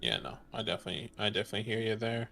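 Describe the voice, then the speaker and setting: A man's voice: lowish voice, big pitch swings, very fast, creaky, sharp tone, soft background music. A man co-hosting a casual live stream, easygoing and teasing. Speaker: co-host of a fantasy football stream.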